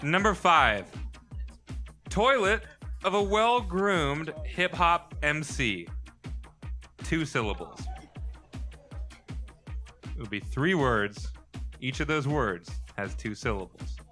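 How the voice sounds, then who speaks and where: A man hosting a live pub trivia game, reading clues slowly and repeating each one. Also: fairly high pitch, lively intonation, sharp tone, faint music behind. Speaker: quiz host. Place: pub stage with live audience.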